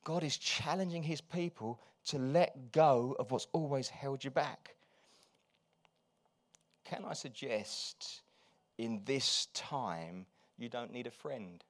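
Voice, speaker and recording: A man preaching a sermon, moving between quiet, confiding asides and loud, urgent exhortation. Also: medium pitch, slow. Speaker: pastor.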